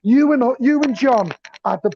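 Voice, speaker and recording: A man's voice: extremely high pitch, normal speed, gravelly, warm tone. A man on a live stream panel, laughing and swearing as he cuts in over others. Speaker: panel guest. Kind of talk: casual banter on a live stream. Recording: dull lo-fi call audio with faint noise.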